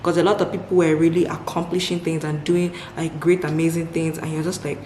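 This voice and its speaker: Low-voiced upbeat young woman vlogger. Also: little pitch movement, fairly quick, a little mellow, a little hiss or hum. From Nigeria. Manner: upbeat, repeats words for emphasis, laughs often. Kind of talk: casual Q&A chat to camera. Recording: echoey room with faint ambience.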